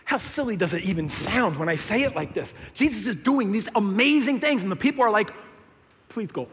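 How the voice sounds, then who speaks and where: A man preaching a sermon as pastor, swinging between hushed lines and loud, excited bursts. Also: high voice, a little fast, slight background noise. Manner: animated, swinging from hushed to shouted. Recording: long hall reverb.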